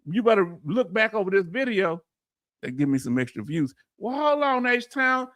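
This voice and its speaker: A middle-aged man with a Southern US accent hosting a livestream, reading viewer comments in a folksy, preacher-like, animated way. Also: sits high, moderate pace, no room sound, clean studio sound. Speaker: veterans benefits channel host.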